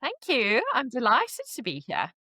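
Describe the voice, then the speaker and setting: A woman's voice: fairly high pitch, wildly swooping pitch, unhurried, pushed and bright, dry recording. A woman from South Africa, a guest on a podcast call, cheerful and reflective in casual chat. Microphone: remote call.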